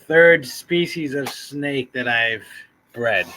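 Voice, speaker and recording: Bright-toned man chatting on a livestream. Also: medium pitch, takes it slowly, a little hiss or hum, low-quality recording. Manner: laid-back, chuckles often, greets viewers. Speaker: livestream host. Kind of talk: casual livestream chat.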